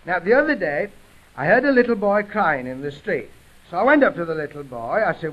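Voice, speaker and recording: A man's voice: sits high, sing-song, a little fast. A young man with a Yorkshire accent doing chatty, punchline-driven music hall patter, on a dull 1929 gramophone recording. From England. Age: 20s. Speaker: comedian. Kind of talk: music hall comic monologue.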